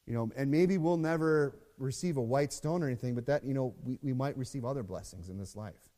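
A man's voice: medium pitch, fairly quick, mellow, in a large hall. A man teaching a Bible study in a loose, conversational way, repeating words and reading scripture aloud.

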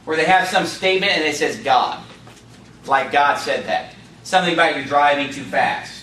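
A man preaching a sermon in a church, reading scripture slowly and pressing hard on key words. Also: a little high, pushed and bright, slight background noise. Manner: preaching, fervent emphasis, reads scripture slowly. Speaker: pastor. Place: church sanctuary. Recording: echoey church room, mic at a distance.

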